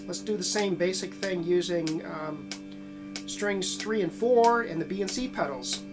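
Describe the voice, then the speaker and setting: A man's voice: high-pitched, unhurried. A man giving a steel guitar lesson, thinking aloud with many fillers and restarts. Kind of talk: instructional talk between playing.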